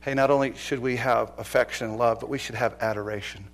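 A male pastor preaching a sermon with passion, swinging between loud exclamations and quiet, low drops. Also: steady tone, fast.

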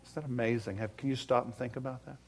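A man preaching a sermon in a folksy way, swinging from hushed asides to loud, fervent passages. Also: mid-range voice, fairly even intonation, fast, breathy edge. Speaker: pastor.

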